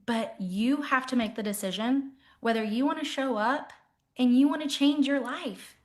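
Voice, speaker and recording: A woman recruiter giving an emphatic, gushing recruitment pitch on a group call. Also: normal speed.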